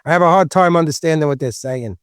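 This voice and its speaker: A man with a Long Island New York accent and a loud, distinctive voice, joking and chatting as a podcast host. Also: a little high, quick pace, clean tone, no echo, studio quality. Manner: animated, joking, talkative. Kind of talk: casual podcast chat.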